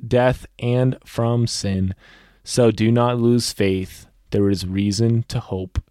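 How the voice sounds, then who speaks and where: A man's voice: medium pitch, darkish tone, smooth, no room sound, studio quality. A young man hosting a personal faith podcast, speaking earnestly and reading a rhymed poem aloud. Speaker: podcast host.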